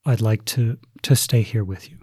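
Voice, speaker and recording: A man voicing a calm, gentle male spiritual teacher who speaks mildly and accommodatingly, quoted in a sermon. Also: lowish voice, normal speed, slightly rough, no room sound, clean studio sound. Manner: mild and accommodating. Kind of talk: storytelling quotes in a Buddhist sermon.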